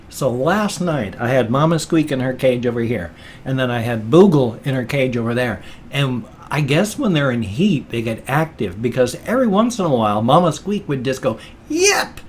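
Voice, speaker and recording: Playful rambling middle-aged man vlogging. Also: mid-range voice. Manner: rambling and playful, with deadpan jokes. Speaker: daily vlogger. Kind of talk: casual vlog chat. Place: at home, indoors. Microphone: webcam.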